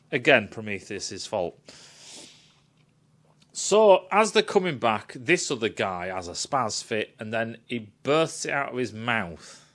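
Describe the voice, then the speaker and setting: A man's voice: a little high, a bit bright. A man giving a sweary, sarcastic rant reviewing a film.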